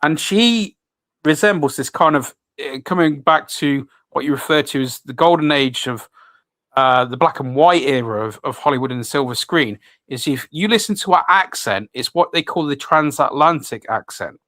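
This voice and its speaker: A man's voice: on the high side, lively intonation, normal speed, fairly bright tone, no echo. A man hosting a casual radio chat, rambling with many restarts and fillers. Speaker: host.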